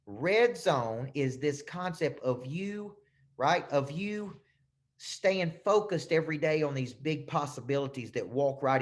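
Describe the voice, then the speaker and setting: Fired-up male coach. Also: fairly high pitch. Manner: fired-up, emphatic, repeats phrases for emphasis. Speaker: business coach. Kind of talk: live webinar teaching.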